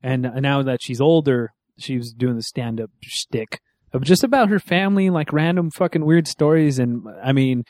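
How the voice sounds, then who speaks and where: A podcast co-host with a medium-pitched voice speaks at a moderate pace, with no room sound in the recording. He swears freely in casual chat, telling stories animatedly and acting out the quoted voices.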